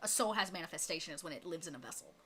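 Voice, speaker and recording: A woman narrating a tabletop role-playing game as game master, descriptive and quick to laugh. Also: low voice, crowd noise. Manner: lively, descriptive, laughs often.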